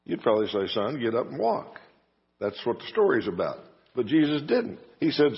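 A male pastor preaching in a church, telling the story casually with little jokes tucked in. His pitch rises and falls a lot, and the sound is slightly dull, with a long reverb from the hall. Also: very animated, normal speed, gravelly, breathy edge. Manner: folksy storytelling with asides and dry humor. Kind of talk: sermon. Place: church sanctuary.

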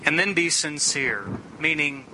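A middle-aged male pastor preaching a sermon in an earnest, plainspoken way, slowing down to stress key phrases. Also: fairly high pitch, background noise.

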